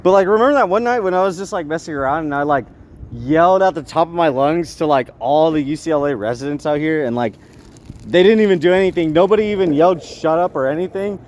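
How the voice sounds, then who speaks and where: A man rambling in a street vlog, laughing and breaking into shouted bursts. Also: a little high, lively intonation, quick pace. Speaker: vlogger. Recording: faint street noise outdoors.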